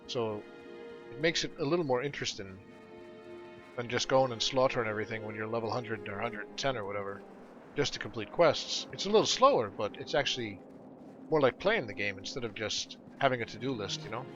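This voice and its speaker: A man's voice: mid-range voice, lively intonation, brisk, lo-fi sound. A man hosting a gaming video, chatting casually and rambling as he plays. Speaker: gaming video host and streamer. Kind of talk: casual gameplay commentary. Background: game music.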